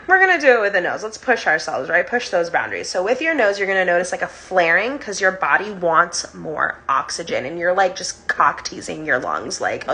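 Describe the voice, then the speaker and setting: A woman's voice: on the low side, pushed and bright. A young woman leading a casual live-stream breathwork lesson, bubbly and giggly, saying "like" all the time. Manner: bubbly, giggly, sprinkles "like" constantly. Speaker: breathwork and chakra teacher.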